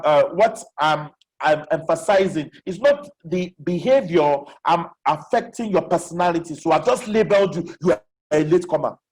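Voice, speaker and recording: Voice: medium pitch, darkish tone, poor audio. A presenter giving a live online lecture as facilitator, repeating key questions and checking that listeners follow. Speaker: webinar facilitator. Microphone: video call.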